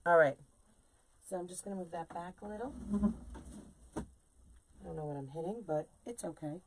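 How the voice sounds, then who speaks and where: A middle-aged woman hosting a live stream, chatting to viewers in a lively, casual way while she makes a wreath bow. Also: on the low side, normal speed, background noise. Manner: chatty, animated, talks to viewers while working. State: sore legs from standing. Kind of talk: casual chat while crafting on a live video.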